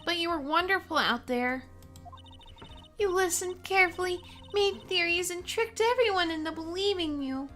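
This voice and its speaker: A sweet little girl from a courtroom game, voiced by a woman. Her voice sits very high and bright, soft and innocent. She sounds earnest and a little shy. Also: normal speed, faint music behind. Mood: admiring.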